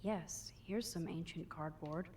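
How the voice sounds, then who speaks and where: A woman's voice: on the low side, slow, darkish tone, husky, full character voice. An actress voicing a shy, wry teenage girl photographer in a video game, with dry, understated asides. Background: game music.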